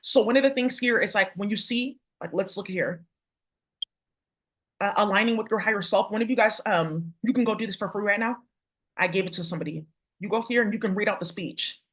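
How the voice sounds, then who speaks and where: Casting: woman vlogger, mid-pitched voice, rambling, profane, confrontational. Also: a little fast. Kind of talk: casual spiritual rant to viewers.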